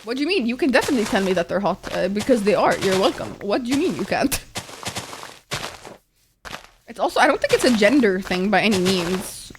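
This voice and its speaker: Brisk and very animated at a medium pitch, the woman weeps and swears freely while thanking the people watching her game stream. Music and other background noise run underneath.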